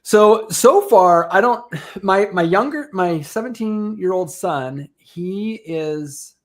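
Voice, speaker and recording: A middle-aged man chatting as a podcast guest, telling lively stories and laughing often. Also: sits high, takes it slowly. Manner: animated storytelling, laughs often. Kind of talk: casual chat.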